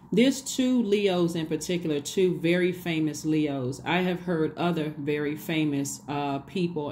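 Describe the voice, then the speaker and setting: A woman's voice: low-pitched, darkish tone, slight background noise. A woman giving a casual spiritual tarot reading, talking earnestly and coaching her listeners, repeating herself and often asking "right?". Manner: repetitive, earnest, coaching, with frequent "right?" and restarts. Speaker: tarot reader.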